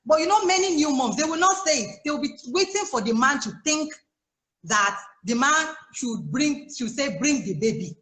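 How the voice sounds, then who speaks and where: A woman with a Nigerian English accent, a life coach giving chatty, animated advice to new mothers on a video call, laughing often. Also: high-pitched, normal speed, roomy sound. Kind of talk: casual advice on a live chat. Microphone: phone or laptop on a video call.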